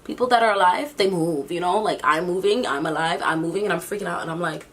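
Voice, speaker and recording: A young woman telling a storytime vlog, acting out the people she quotes in an animated way. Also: quick pace. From New York City. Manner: animated, acts out quotes with big pitch jumps. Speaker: YouTube vlogger.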